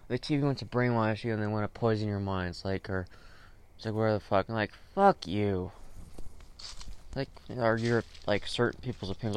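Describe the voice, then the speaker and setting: Man, podcast host, low smooth voice, rambling, lots of fillers, swearing, sudden angry bursts. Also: fairly even intonation, moderate pace, long pauses. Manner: rambling, heavy fillers, profane, flares up in bursts. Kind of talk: rambling solo monologue.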